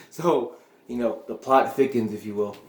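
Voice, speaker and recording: A man's voice: mid-range voice, big pitch swings, takes it slowly, darkish tone, echoey room. A man hosting a casual solo show, rambling through his thoughts with frequent chuckles and trailing off. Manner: meandering, chuckling often, trailing off. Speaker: podcast host.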